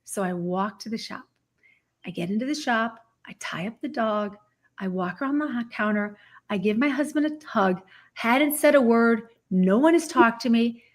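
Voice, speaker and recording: A woman on a video call panel, telling an excited, animated story and acting out what people said. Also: a little high.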